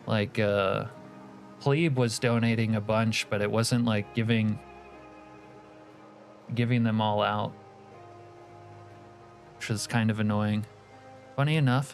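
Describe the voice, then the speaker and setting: A man chats with his live-stream audience in an easygoing way, reading their comments aloud and dropping quiet remarks to himself about the game. His voice sits somewhat low. Faint music plays behind him. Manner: relaxed, reads chat aloud, muttered asides to the game. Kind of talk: live-stream chat while gaming.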